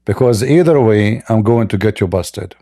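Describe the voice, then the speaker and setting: A man's voice: lowish voice, lively intonation, moderate pace, mellow. A man hosting a live online debate, mocking and combative, often laughing at his opponents. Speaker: debate host.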